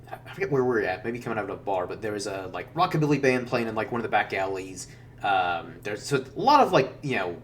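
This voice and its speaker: A man's voice: on the low side, a bit bright. A man vlogging casually about his travels, rambling with lots of fillers and self-corrections. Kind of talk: casual chat. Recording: distant mic with faint hum.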